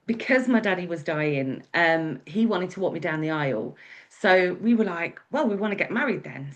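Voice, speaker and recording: A woman with an English accent, telling her life story as a guest speaker in a chatty, meandering way with many fillers. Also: lowish voice. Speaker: guest speaker, wedding celebrant. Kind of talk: casual storytelling talk.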